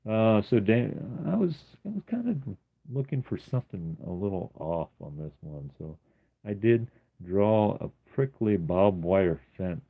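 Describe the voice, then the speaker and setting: Slow, low-voiced man with tinny sound. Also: big pitch swings. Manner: rambling, many ums and uhs. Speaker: artist showing his sketchbook. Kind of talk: casual sketchbook walkthrough.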